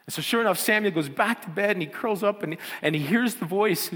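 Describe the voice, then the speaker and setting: A man's voice: high voice, brisk, few pauses, a bit bright. A man preaching a sermon as pastor, often repeating words and building to fervent appeals. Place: church. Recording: church hall reverb.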